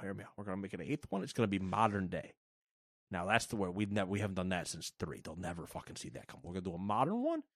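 A man with a fairly low voice, heard in clean studio audio without echo, co-hosts a joking conversation about games. Slipping into a mock-executive role, he rants profanely and animatedly for laughs.

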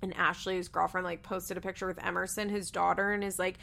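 A woman's voice: fairly low pitch, flat delivery, quick pace, creaky, few pauses, fairly bright tone. A woman giving casual, sarcastic commentary as she recaps a reality TV show, laughing often.

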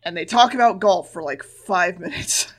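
A woman's voice: fairly low pitch, normal speed. A woman co-hosting a podcast, casually recapping a show with blunt, sarcastic asides. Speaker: podcast co-host.

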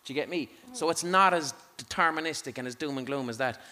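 A man's voice: on the high side, fast talker. Sweary man hosting on stage. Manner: sweary, jokey and animated. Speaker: podcast host. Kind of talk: live podcast chat on stage. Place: theatre stage before a live audience.

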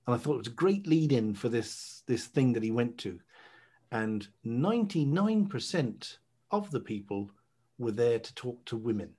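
A husky-voiced Irish man in a loose podcast chat, wandering through a long anecdote. His delivery is playful and rambling, with the odd swear word, and he takes his time getting to the point. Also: mid-range voice, warm tone. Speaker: podcast guest, friend of host. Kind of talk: casual chat.

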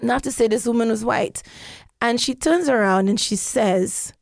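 A woman podcast host telling a story in casual chat, animated and acting out the voices she quotes. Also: a little high, moderate pace, vocal fry, no room sound, studio quality. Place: London.

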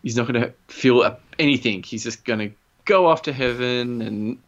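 A man's voice: mid-range voice, normal speed, muffled recording. A man, co-hosting a casual podcast and retelling a game story with lots of swearing and quoted voices. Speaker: podcast co-host.

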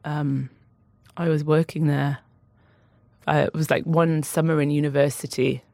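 A woman with a low, gravelly voice talks candidly as a podcast guest. She speaks with open emotion, laughing between heavy moments. The sound is close and dry. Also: little pitch movement, unhurried, darkish tone, no echo. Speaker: author guest.

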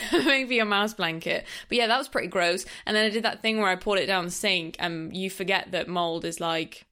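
A woman co-hosts a film podcast, chatting loosely with lots of "like," laughing often, and trailing off with "like." Her mid-range voice has a sharp tone and a moderate pace.

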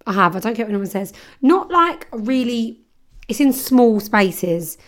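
A woman's voice: a little high, very animated, measured pace. A young woman hosts her podcast alone and tells a story in loose, chatty speech. She swears freely and leans on filler words, with the easy pace of someone talking to friends. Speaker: podcast host. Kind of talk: casual storytelling monologue.

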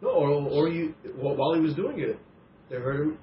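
A man's voice: fairly high pitch, very animated, fairly quick. A man in a class discussion, asking hesitant questions and searching for words. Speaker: student in the class. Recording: dull recording from across the room.

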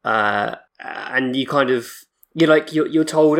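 A man hosting a casual football podcast. His pitch sits in the ordinary middle range. He talks earnestly and frankly, stressing his points and restarting his sentences as he goes. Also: slow pace. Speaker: podcast co-host leading the discussion.

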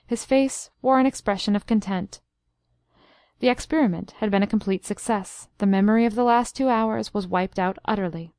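Woman reading an audiobook in measured tones. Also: mid-range voice, darkish tone, no room sound, studio quality. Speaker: narrator. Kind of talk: scripted audiobook narration.

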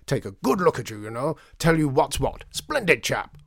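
A man reading a storybook, voicing a loud, red-faced older man who is hard of hearing and bellows every word. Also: on the low side, level tone, normal speed, no room sound, studio quality. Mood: hearty. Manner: roaring, bellowing.

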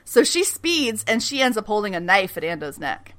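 At a normal speed, a woman with a medium, fairly bright voice and big pitch swings co-hosts a podcast recap of a TV episode. She's casual and animated, cursing, laughing often, and voicing the characters' lines.

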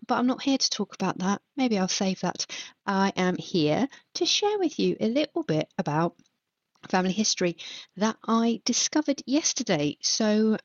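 A woman's voice: lowish voice, dry recording. A woman in her forties from England, hosting a solo podcast in a chatty, reflective way with frequent ums. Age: 40s. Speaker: podcast host. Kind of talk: casual solo podcast monologue. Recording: dull, lo-fi, dry sound.

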